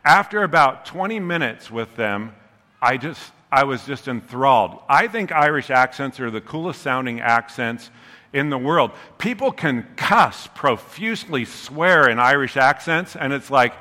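A man's voice: mid-range voice, lively intonation, a little slow, bright, forceful tone. A man preaching a sermon in a humorous, conversational way, often checking in with the crowd by asking "okay?". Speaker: pastor. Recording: long reverb of a large hall.

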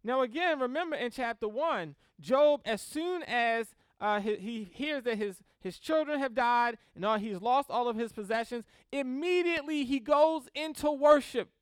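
A preacher giving a sermon in an animated way, acting out quotes in little voices and letting phrases fall away at the end. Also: medium pitch, normal speed, few pauses, smooth, no room sound, clean studio sound. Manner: animated, acts out quotes in voices, laughs at own stories.

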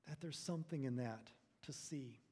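A man preaching a sermon, building to loud emphatic phrases and then dropping low and quiet. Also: moderate pace, husky. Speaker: pastor.

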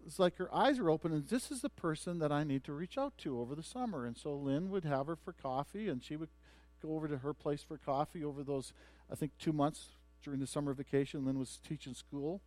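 A man's voice: fairly high pitch, darkish tone, dry recording. A man preaching a sermon as pastor, telling a story with many restarts and building to emphatic points.

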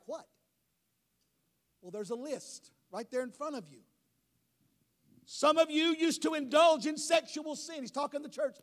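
Pastor, male, high-pitched, sermon delivery that climbs to shouting. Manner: preaching, rising to shouts. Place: church.

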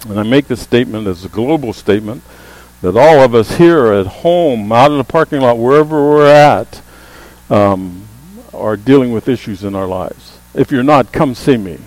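A man preaching a sermon as a pastor, with emphatic calls that rise to the congregation and a low hum under the voice. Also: animated, unhurried, darkish tone, no echo, low-quality recording. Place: church sanctuary.

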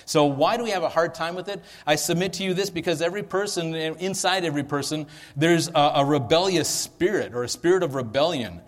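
A man preaching a sermon, playful and energetic as he leads the congregation in gestures. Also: on the high side, a little fast. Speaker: pastor. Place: large hall, church sanctuary. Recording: long hall reverb.

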